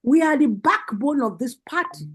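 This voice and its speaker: A woman's voice: high voice, lively intonation, moderate pace, low-quality recording. A Nigerian woman giving a rallying political speech over a video call, with repeated, impassioned calls to action. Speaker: party women's leader giving a speech.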